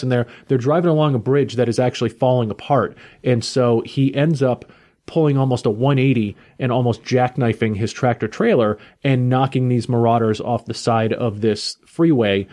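Male podcast host, mid-range voice, enthusiastic, animated storyteller, casual chat. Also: medium pitch, normal speed.

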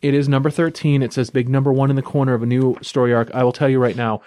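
A man's voice: mid-range voice, little pitch movement, fast talker, a little mellow, no echo, clean studio sound. A man casually recapping and reviewing a comic book in a chatty, enthusiastic, loosely told way.

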